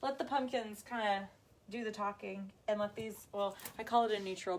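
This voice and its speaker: A woman's voice: mid-range voice, steady tone, moderate pace. A woman hosting a casual live craft demonstration, chatty and gushing, calling her viewers y'all. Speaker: craft shop owner hosting a live video.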